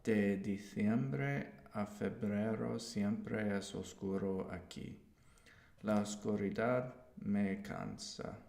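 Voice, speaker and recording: A man streaming himself learning a language, talking in a slow, hesitant way with fillers. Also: lowish voice, creaky, a little mellow. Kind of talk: casual live stream commentary. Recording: roomy echo.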